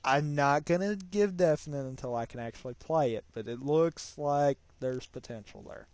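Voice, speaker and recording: A man's voice: on the high side, normal speed, darkish tone. A man co-hosting a gaming show, chatting casually and a bit self-deprecatingly while watching a demo. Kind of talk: casual gameplay chat.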